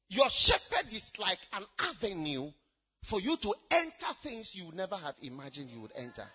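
A man preaching a sermon in a church, shouting out points and then dropping low. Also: huge pitch swings, moderate pace, husky, lo-fi sound. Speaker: pastor.

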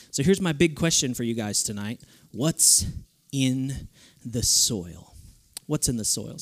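A young man preaching a sermon to a youth group, lively and playful in his delivery. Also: a little high. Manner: lively, playful, switches into goofy voices for stories. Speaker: youth speaker.

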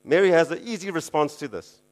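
A man's voice: on the high side, brisk, darkish tone. A man preaching a casual teaching sermon, conversational, with chuckling asides and frequent checks like "okay".

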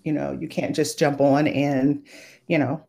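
A woman co-hosting a podcast, chatting in a relaxed, easygoing way and laughing easily. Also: low voice, a little slow, creaky. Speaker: podcast co-host. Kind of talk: casual chat.

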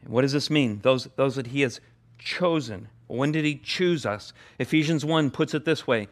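A man's voice: medium pitch, normal speed. A male pastor preaching a sermon, repeating key phrases for emphasis.

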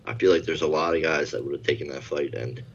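A man's voice: very deep voice, steady tone, fast talker, husky, highs cut off. A man co-hosting a casual sports podcast, rambling and hedging his points. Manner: rambling, hedging, many "like" and "I feel like". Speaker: podcast co-host.

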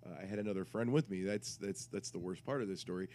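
Low-voiced man spinning a rambling, crude tale. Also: fast talker, dark tone. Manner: rambling, crude, self-interrupting anecdote. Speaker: podcast co-host. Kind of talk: casual podcast storytelling.

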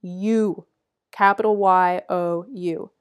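A woman's voice: fairly low pitch, fairly even intonation, takes it slowly, clean tone. A woman astrologer giving an astrology forecast, earnest and encouraging, stressing her points with repeated instructions and laughing lightly between phrases.

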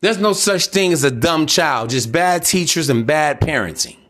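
A man's voice: on the high side, animated, moderate pace, a bit bright, soft background music. A man hosting a solo podcast, ranting in a blunt, preachy, profane way. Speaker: podcast host.

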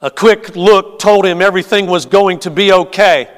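A man preaching as a pastor, telling a story in a slow, measured way with hesitant fillers. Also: sits high, fairly bright tone. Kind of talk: sermon with storytelling. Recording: long hall reverb.

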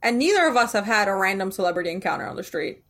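A woman with a New York accent co-hosting a podcast, telling stories in casual chat, full of "like" and quick asides. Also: mid-range voice. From New York City. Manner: excitable storyteller, lots of "like". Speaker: podcast co-host.

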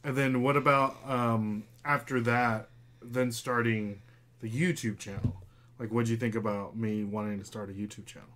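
A reseller podcast host with a medium-pitched, fairly bright voice speaks at normal speed with fairly even intonation. He rambles through a casual livestream chat with his wife, using many fillers and chatting with viewers and his dog.

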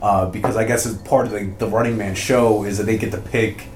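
A man's voice: on the low side, steady tone, fairly quick. A man co-hosting a casual movie podcast, agreeable and hesitant, often restarting his sentences. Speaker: podcast co-host. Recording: echoey room with faint noise.

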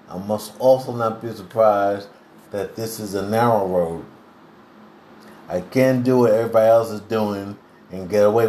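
A man with a lowish voice preaches a devotional sermon, taking his time over every phrase. He speaks earnestly and deliberately and clears his throat now and then. The recording sounds roomy, with a faint hiss behind him. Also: a little mellow.

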